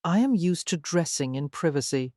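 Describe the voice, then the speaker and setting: A narrator voicing a spirited, proud young lady from a Regency romance audiobook, with sharp, cold retorts set higher than the narration. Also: expressive, normal speed, no room sound, studio quality, natural voice. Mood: indignant. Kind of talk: audiobook dialogue.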